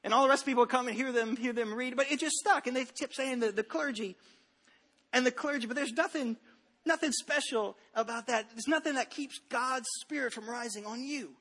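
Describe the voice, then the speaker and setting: A very high-pitched man in his thirties preaches a Sunday sermon from a church stage. His voice is bright and forceful, and he talks in a loose, conversational way, joking and restarting his sentences as he tells stories. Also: fairly quick. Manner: conversational, humorous storytelling with frequent restarts. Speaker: pastor.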